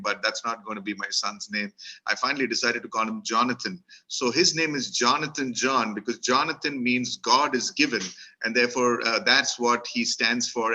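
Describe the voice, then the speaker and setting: A man's voice: mid-range voice, bright, forceful tone, low-quality recording. A middle-aged man from Kerala with an Indian English accent, giving a humorous, self-deprecating storytelling talk full of fillers. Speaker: motivational speaker.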